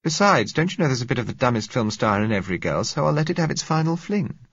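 A man's voice: medium pitch, big pitch swings, fast talker, a bit bright, breathy edge, dry recording, muffled recording, voice pushed up, heavily acted. A man doing a chirpy playful young woman. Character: bright young woman, teasing and lively.

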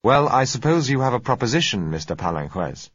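A shrewd, wary managing director in a storybook reading, voiced by a man. He weighs every word in a guarded, reflective way. The voice is husky and the recording dry and somewhat dull. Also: mid-range voice, big pitch swings, fairly quick, a bit bright, no room sound, pitched above the performer's own voice. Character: cautious, shrewd male company managing director.

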